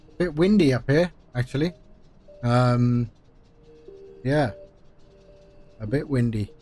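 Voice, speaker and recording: A man's voice: medium pitch, lively intonation, takes it slowly, darkish tone, faint music behind. A man streaming a flight simulator, chatting casually as he talks through each step with friendly asides. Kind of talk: live-stream commentary while playing.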